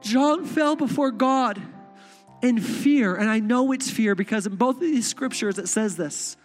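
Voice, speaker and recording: A pastor with a strikingly high voice delivers an impassioned sermon, dropping to near hushes and rising to shouts. His voice rings through a large reverberant hall over faint background music. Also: a little slow. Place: church stage.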